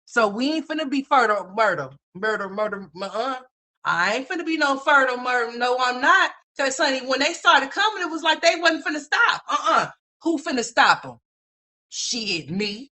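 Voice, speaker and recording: A woman's voice: sits high, expressive, moderate pace, bright, forceful tone. A woman in her fifties hosting a livestream, telling blunt, profane stories to her chat and laughing at her own jokes. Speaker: livestream host. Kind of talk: casual profane storytelling to a live chat.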